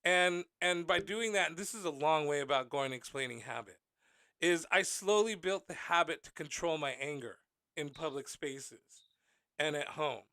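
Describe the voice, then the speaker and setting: A man's voice: fairly high pitch, moderate pace, sharp tone, dry recording. A man hosting a podcast, telling personal stories candidly and swearing freely as he acts out what people said. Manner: candid storytelling, swearing freely, acting out quotes. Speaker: podcast host. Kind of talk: casual podcast conversation.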